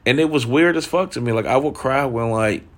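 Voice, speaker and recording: A man's voice: medium pitch, brisk, a bit bright. A young man hosting his own talk show, reflecting in a candid, rambling way, swearing freely and filling with "like" and "dog". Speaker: podcast host. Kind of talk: casual reflective monologue.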